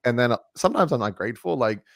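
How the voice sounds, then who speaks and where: A man hosting an interview, telling a rambling personal story with lots of fillers and animated asides. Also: medium pitch, rapid-fire, creaky, dry recording, studio quality. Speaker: host. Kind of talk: casual interview chat.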